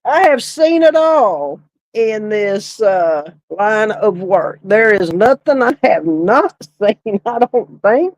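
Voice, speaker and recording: A woman's voice: medium pitch, very animated, slow pace, a little mellow, dry recording, muffled recording. A middle-aged woman, telling a story in casual podcast chat, laughing often and swearing casually. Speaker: podcast co-host, former funeral director.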